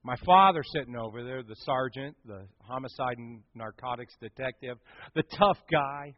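A man's voice: mid-range voice, normal speed. Man telling a sermon story, dull recording. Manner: dramatic swings from loud to hushed. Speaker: preacher. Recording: dull dry sound.

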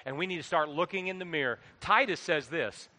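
A middle-aged man preaching a sermon into a microphone, animated, swinging between quiet asides and loud exhortation. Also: on the high side, brisk. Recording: long hall reverb.

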